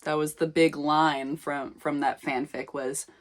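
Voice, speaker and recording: A woman's voice: deep voice, fairly even intonation, measured pace, few pauses. A young woman casually reading her old fan fiction aloud with wry, self-mocking commentary. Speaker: reader of her old fanfiction.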